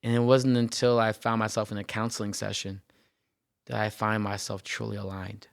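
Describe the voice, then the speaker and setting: A man's voice: fairly low pitch, little pitch movement, moderate pace, gravelly, dry recording, clean studio sound. A man, a therapist hosting a podcast, telling his own story in an earnest, reflective way, often repeating phrases and checking in with "right?". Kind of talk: personal reflective podcast monologue.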